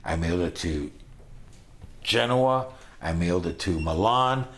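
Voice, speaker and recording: A man in his sixties telling stories about his travels in a casual, animated way, acting out the people he met and breaking into loud excitement. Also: sits low, unhurried. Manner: animated, acts out voices, bursts of loud excitement. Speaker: storyteller recalling his travels. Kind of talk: casual spoken storytelling.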